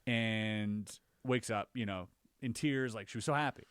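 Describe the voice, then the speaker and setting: A man on a podcast, casually recounting his own experiences as an animated storyteller whose voice jumps higher when he relives the scary parts. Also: unhurried, clear, resonant tone, no echo, clean studio sound. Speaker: podcast co-host.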